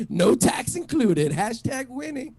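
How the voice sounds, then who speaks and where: High-voiced man rambling through stand-up. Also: gravelly, darkish tone, slight background noise. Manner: rambling, profane, lots of "like" and restarts. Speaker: stand-up comic. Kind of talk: stand-up set at an online open mic.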